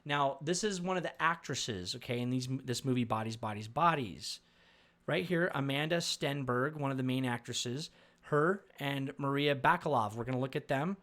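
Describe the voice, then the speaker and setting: A man's voice: mid-range voice, normal speed, fairly bright tone. A man commenting on video clips, preachy and stumbling, repeating words as he lectures viewers.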